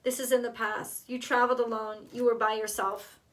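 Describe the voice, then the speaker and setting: A woman's voice: a little high, level tone, fairly quick, distant mic. A woman doing a tarot card reading, talking straight to the viewer, emotional and blunt, swearing freely. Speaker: tarot reader.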